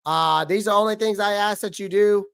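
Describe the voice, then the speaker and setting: A man hosting a fan livestream about his football team, hoarse from losing his voice, talking bluntly and repeating his points. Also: sits high, fairly even intonation, normal speed, fairly bright tone. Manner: blunt, emphatic, repeats himself. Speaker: sports fan show host. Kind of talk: livestream sports rant.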